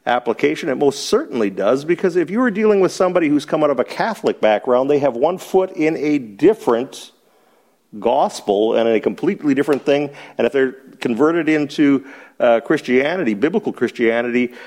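Man, Bible study teacher, relaxed conversational teaching, frequent chuckles, small church group. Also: medium pitch, a little fast. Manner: chuckles often, asks rhetorical questions and answers them.

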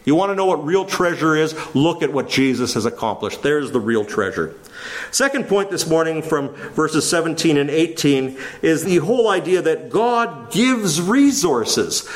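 A male pastor preaching a sermon, reading scripture with slowed emphasis and asking the congregation questions. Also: high-pitched. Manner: lively, varied delivery with slowed emphasis on scripture.

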